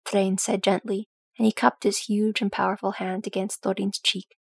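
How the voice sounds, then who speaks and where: A woman reading a fan fiction audiobook in a steady, even storytelling manner. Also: mid-range voice, moderate pace, creaky, husky, no room sound. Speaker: audiobook reader.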